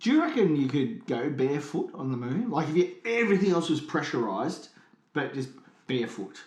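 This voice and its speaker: A man co-hosting a podcast in casual comedic chat, playful and quick to riff. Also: on the high side, big pitch swings. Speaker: podcast co-host. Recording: roomy echo.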